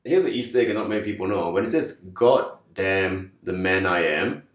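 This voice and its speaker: A man's voice: deep voice, moderate pace, echoey room, distant mic. A songwriter talking plainly about his writing in a casual interview, laughing along at jokes.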